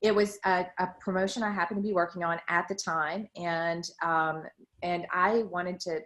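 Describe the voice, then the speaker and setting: A woman's voice: on the low side, fairly even intonation, normal speed, a bit bright. A woman blogger talking casually on a live stream, chatty with lots of fillers. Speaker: guest blogger. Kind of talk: casual chat.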